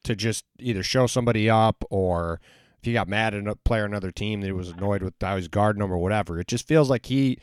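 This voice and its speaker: A male podcast host chatting casually, thinking aloud with a relaxed, loose manner. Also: on the low side, quick pace, clean tone, no room sound, studio quality. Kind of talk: casual chat.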